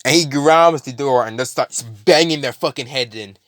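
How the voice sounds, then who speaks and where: A man's voice: medium pitch, normal speed, a bit bright, no echo, studio quality. Rambling man telling a fan story. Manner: rambling, with many fillers, restarts and swearing. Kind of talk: casual retelling of a fan story.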